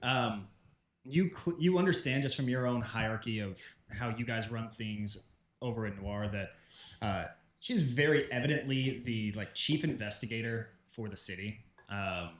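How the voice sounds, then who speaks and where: Echoey relaxed male game master. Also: fairly low pitch. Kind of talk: narrating a tabletop game.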